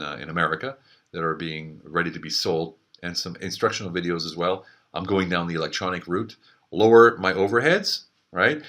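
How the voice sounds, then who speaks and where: A middle-aged man with a fairly low voice and a bright, forceful edge gives an emphatic, motivational video message. He stumbles and repeats himself, then pushes his point home. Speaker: network marketing speaker. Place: Zagreb.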